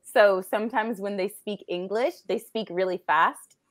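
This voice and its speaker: A young Canadian woman with a Canadian accent, chatting quickly and laughing often as an English tutor on a video call. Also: medium pitch, dry recording. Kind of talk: casual chat on a video call.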